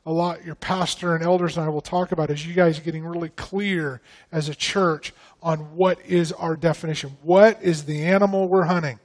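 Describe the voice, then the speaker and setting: A man's voice: on the high side, steady tone, normal speed, few pauses. Man preaching a conversational sermon. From northern United States. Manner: conversational, asks the congregation questions. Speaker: guest pastor.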